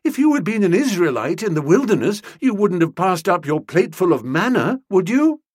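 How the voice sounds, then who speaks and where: A quick, indignant young woman, as a male reader puts her on, her voice jumping high and swinging wildly as she makes her point, like a character in a storybook read aloud. The sound is breathy and husky, recorded dry and close. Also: very animated, a little mellow, dry recording, heavily acted.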